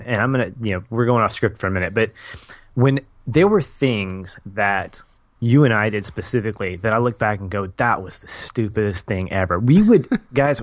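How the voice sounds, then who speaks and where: A man's voice: medium pitch, no room sound. A man co-hosting a podcast, enthusiastically recounting favorite movie scenes and teenage memories, laughing mid-sentence. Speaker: podcast co-host. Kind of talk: casual movie discussion.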